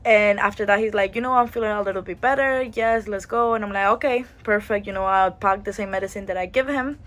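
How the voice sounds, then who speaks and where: Young female vlogger, casual storytime delivery, animated, voices the people in her story, mid-range pitch. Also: quick pace. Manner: animated retelling with quoted dialogue and laughs. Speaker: travel vlogger.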